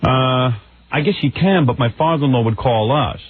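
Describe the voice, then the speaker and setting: A man's voice: medium pitch, moderate pace, slightly rough. A middle-aged man hosting a radio show, telling a story with sarcastic, ranting energy. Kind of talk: comic radio banter. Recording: tinny phone-like radio broadcast.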